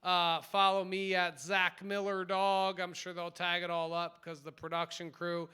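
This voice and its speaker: A man's voice: high-pitched, little pitch movement, measured pace, pushed and bright, smooth. A man hosting a comedy night, rambling loosely and calling himself stoned. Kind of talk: casual emcee banter. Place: small comedy club with live audience.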